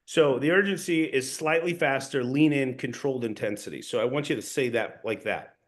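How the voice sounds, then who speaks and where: A man's voice: medium pitch, fairly quick. A man leading a sales coaching session, explaining points in an instructive way and often repeating or restarting phrases. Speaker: sales trainer.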